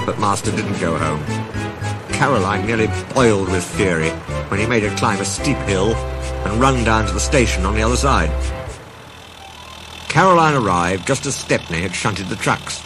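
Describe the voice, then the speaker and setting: A man narrating a children's storybook in an expressive, playful manner. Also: fairly low pitch, moderate pace. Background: background music.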